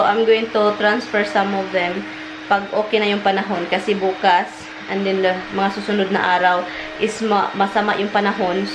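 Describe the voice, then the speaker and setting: A woman's voice: medium pitch, noisy background. A Filipino-accented woman chatting casually in a home vlog, mixing languages as she talks through her chores. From Philippines. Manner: mixes Tagalog and English, chatty, baby-talks to pets. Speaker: vlogger. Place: home, indoors.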